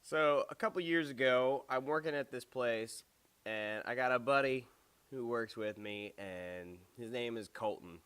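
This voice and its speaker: Young male storyteller, smooth resonant voice, medium pitch, animated, casual. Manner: animated, quotes others in quick put-on voices. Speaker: storyteller vlogger.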